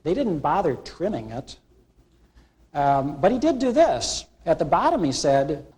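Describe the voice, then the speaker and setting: A man's voice: on the high side, a little slow. A middle-aged man giving a college classroom lecture, telling humorous restaurant stories and acting out the people in them. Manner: animated storytelling, acting out quoted characters. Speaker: college instructor. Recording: 1980s classroom video recording.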